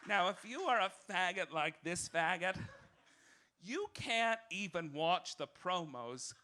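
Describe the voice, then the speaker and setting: A campy male comedian with a high, bright voice that leaps all over the place. He talks at an unhurried pace, drawing out his lines for effect before bursting into theatrical shrieks on stage. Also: animated. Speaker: comedy host. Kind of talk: stand-up comedy monologue. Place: small cabaret club with live audience.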